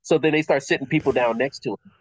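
A man's voice: mid-range voice, fast talker, breathy edge, poor audio. A middle-aged man, an actor and interview guest, telling a long story in a casual way, acting out what people said with lots of "I was like.". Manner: animated, acts out quoted dialogue with 'I was like'.

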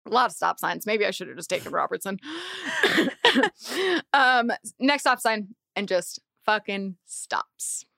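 A young woman hosting a podcast, telling a story in casual chat, animated and swearing, acting out quotes loudly. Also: medium pitch, measured pace, creaky, no room sound. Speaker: podcast host.

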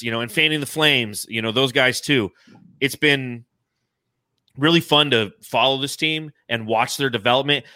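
Podcast host, male, bright forceful voice, excited and profane, dry close mic. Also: mid-range voice, no echo. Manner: excited, swears freely, reads donations aloud. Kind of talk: casual fan podcast chat.

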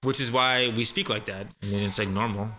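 A man giving a casual spoken English lesson, chatty, slowly demonstrating phrases and repeating them. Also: lowish voice, steady tone, pushed and bright, slight background noise. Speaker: guest English teacher.

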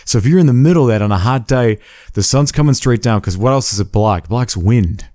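Animated storytelling man, dry sound. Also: medium pitch, fairly quick, no room sound. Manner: animated storytelling, swears casually. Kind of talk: casual chat.

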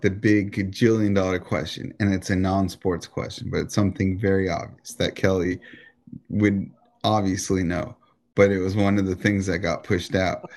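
A lower-voiced American man co-hosts a casual podcast. He rants with animated energy, swears freely and keeps restarting his sentences as he talks. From United States. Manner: animated, profane ranting with frequent restarts. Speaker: podcast co-host.

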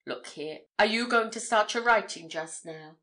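A woman reading the part of a genial male police detective who talks in a brisk, jovial, commanding way. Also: mid-range voice, sharp tone, lightly acted.

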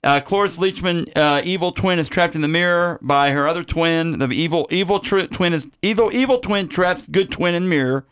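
A man hosting a podcast about bad movies, rambling and joking through film credits with plenty of "uh"s. His voice is smooth and clear and sits a little high. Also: normal speed, few pauses, fairly bright tone. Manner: rambling, joking, many fillers. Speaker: podcast host. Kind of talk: casual chat.

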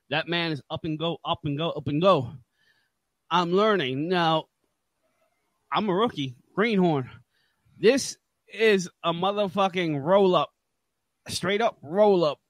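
A man's voice: fairly high pitch, measured pace, no echo. A man, a wrestler, telling stories in casual chat, stammering and swearing a lot. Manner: profane, stammering storyteller.

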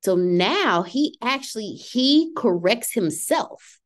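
A woman in her thirties hosting a podcast discussion, lively and acting out what others said. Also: a little high, takes it slowly. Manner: animated, acts out quoted voices. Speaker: podcast host. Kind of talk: casual group discussion.

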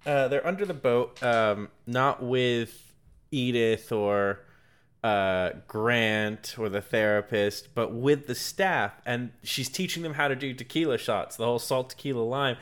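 A man's voice: medium pitch, unhurried, fairly bright tone, smooth. A man co-hosting a podcast, casually and enthusiastically retelling film scenes, swearing for emphasis. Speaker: podcast co-host. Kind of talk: casual movie review chat.

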